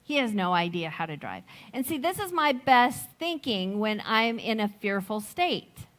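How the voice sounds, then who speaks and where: A middle-aged woman giving a sermon, slow and reflective, telling a personal story with gentle laughs. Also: medium pitch, very animated. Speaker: speaker at a Sunday service.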